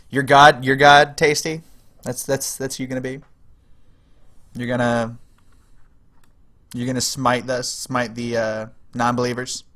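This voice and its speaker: A man's voice: mid-range voice, slow, pauses often, fairly bright tone. A young man casually commentating his strategy game on a livestream, giggling often and rambling to his chat. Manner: giggly, rambling, chats with viewers. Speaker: streamer playing a strategy game.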